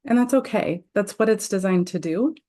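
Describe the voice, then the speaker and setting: Woman gently guiding a tapping exercise. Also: mid-range voice, moderate pace. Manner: gentle, speaks scripted phrases for listeners to repeat, with fillers. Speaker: host and EFT tapping guide. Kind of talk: guided tapping lesson.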